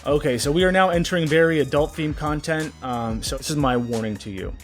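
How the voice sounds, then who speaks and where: Man, vlog host, highish voice, emotional, swearing, faint background music. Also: brisk. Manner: emotional, swearing, voice dropping when upset. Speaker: political commentary vlogger. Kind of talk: angry commentary vlog.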